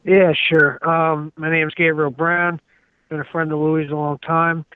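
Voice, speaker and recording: A man's voice: on the high side, flat delivery, measured pace, no echo. A man from the United States, a guest on a talk show, speaking in an easygoing way and chuckling between remarks. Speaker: researcher, guest. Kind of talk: casual chat. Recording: tinny dry phone-like line.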